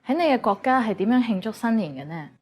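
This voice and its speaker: A woman narrating a scripted lesson in an even, measured way. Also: a little high.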